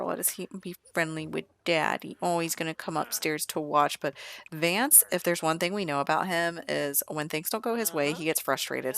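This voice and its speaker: A woman's voice: low voice, gravelly, a bit bright. A woman hosting her gaming channel, chatting and giggling through casual gameplay commentary.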